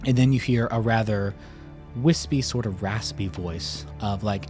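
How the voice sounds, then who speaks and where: Young male game master, lower register, loose rambling narration over soft music. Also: unhurried. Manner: rambling, many fillers and restarts. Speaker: dungeon master. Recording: faint music behind.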